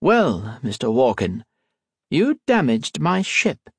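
A man voicing a stern, commanding woman submarine captain with a slight unfamiliar accent, in formal, measured speech. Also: medium pitch, big pitch swings, husky, no echo, pitched above the performer's own voice, full character voice.

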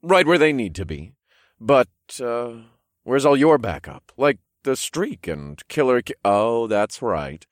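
A man's voice: medium pitch, sing-song, no echo, studio quality. A man voicing a smug, taunting male evil genius villain in an audiobook, drawing out his sarcastic jabs. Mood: mocking. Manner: mocking, drawn-out sarcastic taunts.

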